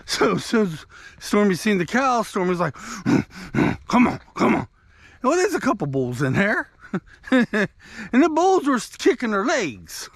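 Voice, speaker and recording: Lively high-voiced man telling a story. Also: unhurried, no room sound. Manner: rambling, conversational, talks to viewers. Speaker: vlogger. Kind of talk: casual storytelling while walking. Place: outdoors on a country walk.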